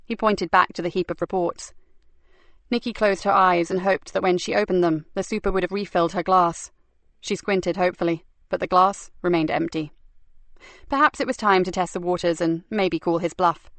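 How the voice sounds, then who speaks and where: A woman reading a crime novel aloud in a measured, even way. Her voice is on the lower side and sits close and dry, with no room sound. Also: dry recording. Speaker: audiobook narrator. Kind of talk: scripted narration.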